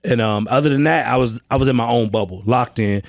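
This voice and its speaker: Podcast guest, male, streetwise sales trainer, lively quotes, dry sound. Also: fast talker, dry recording. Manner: animated, slangy, acts out quotes with high pitch jumps. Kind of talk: casual podcast storytelling. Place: indoor training space, live session.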